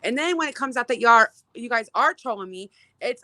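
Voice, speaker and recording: Bright-voiced woman venting on a livestream. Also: a little high, lively intonation, a little fast, few pauses, dry recording, poor audio. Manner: exasperated, profane, frequent fillers and restarts. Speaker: livestream host. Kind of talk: casual livestream rant, greeting viewers. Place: outdoors.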